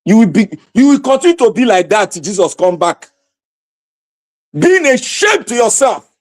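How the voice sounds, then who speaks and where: A man with a Nigerian accent hosting a livestream, giving impassioned, preachy commentary that bursts into shouting. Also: high voice, big pitch swings, normal speed. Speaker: livestream host.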